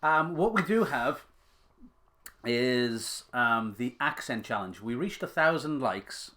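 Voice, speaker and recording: A man hosts a casual live stream in an upbeat manner, often teasing his co-host. His voice sits at a middle pitch, neither high nor low. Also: expressive, slow, pushed and bright.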